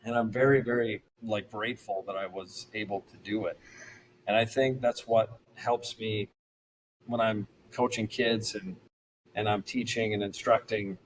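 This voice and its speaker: A middle-aged man, a former pro pitcher, telling stories casually as a podcast guest and acting out the people he quotes. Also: normal speed, a little hiss or hum, poor audio. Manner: animated, acts out quoted voices. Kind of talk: casual storytelling.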